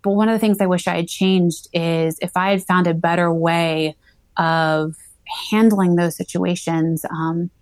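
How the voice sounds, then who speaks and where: Woman guest in her thirties, chatty, lowish voice, dry close mic. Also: fairly even intonation, unhurried, darkish tone, dry recording. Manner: chatty, frequent "like" fillers and restarts. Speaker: guest, PhD student in psychology. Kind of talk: casual interview talk.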